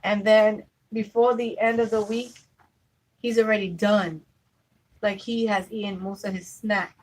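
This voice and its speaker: A woman's voice: medium pitch, little pitch movement, unhurried, darkish tone, poor audio. A woman vlogging at home, chatting casually and telling stories about her family in an easygoing, laughing way. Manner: chatty, storytelling, laughs easily. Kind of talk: casual chat to camera.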